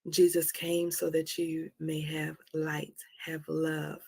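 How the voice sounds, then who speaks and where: A woman hosting a motivational livestream, speaking softly and slowly with a Southern American touch, often dropping to a whisper. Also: sits low, completely flat delivery, vocal fry, husky, no room sound. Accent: American, Southern country touch. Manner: soft, slow and prayerful, often dropping to a whisper. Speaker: livestream host.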